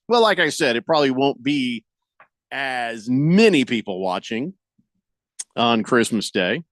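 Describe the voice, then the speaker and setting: A man's voice: medium pitch, unhurried, no echo. A man hosting a sports radio show, chatting casually, reading listener texts and ranting in exasperation. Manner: animated, exasperated rants with mock-quoted voices.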